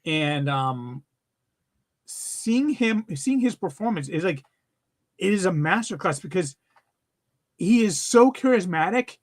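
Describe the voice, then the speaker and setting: A middle-aged man co-hosting a podcast, chatting casually and enthusiastically about an old film, rambling with fillers. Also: high-pitched. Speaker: podcast co-host. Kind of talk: casual movie review chat.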